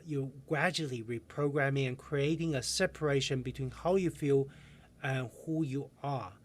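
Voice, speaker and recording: A man coaching viewers in a self-help video lesson, calm and guiding, slowing down with pauses for breathing exercises. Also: medium pitch.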